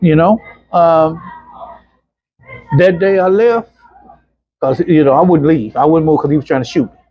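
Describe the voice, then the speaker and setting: Husky man telling his story. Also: a little high, moderate pace, dry recording. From Arkansas, USA. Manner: animated, acts out the voices of people in his stories. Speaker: interview guest. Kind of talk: personal storytelling in a casual interview. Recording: dull, muffled lo-fi sound.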